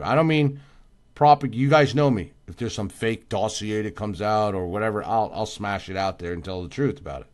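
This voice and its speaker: A man's voice: fairly low pitch, normal speed, darkish tone. Tired man hosting a political livestream. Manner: emphatic, repetitive, reads out viewer names. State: tired, yawning. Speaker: livestream host. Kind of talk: casual livestream chat reading viewer comments.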